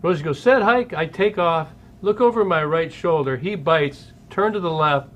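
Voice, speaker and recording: A man in his sixties, a former ballplayer hosting an interview, telling lively stories from his playing days. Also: a little high, moderate pace. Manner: animated storyteller who acts out quotes. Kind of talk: storytelling interview chat.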